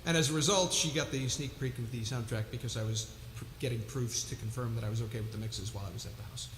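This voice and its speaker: A man's voice: medium pitch, fast, reverberant, long reverb tail, noisy background. A man hosting a live music stream, chatting casually between songs in a chatty, self-mocking way.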